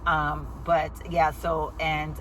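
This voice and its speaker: A chatty woman vlogging straight into her phone held at arm's length, drifting from one topic to the next. Her talk is loose and friendly, full of y'alls. Clear traffic and outdoor noise sit behind her voice. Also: low voice, little pitch movement, takes it slowly, fairly bright tone, rough recording. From Texas. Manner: chatty, rambling, keeps addressing viewers as y'all. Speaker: lifestyle vlogger. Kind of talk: casual chat to camera. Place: at home, then walking outdoors and in a car. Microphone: phone camera at arm's length.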